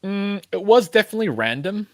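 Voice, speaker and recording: A man's voice: high voice, very animated, a little fast, dry recording. A man co-hosting a podcast in casual chat, hesitant and musing, with plenty of fillers. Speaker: podcast co-host.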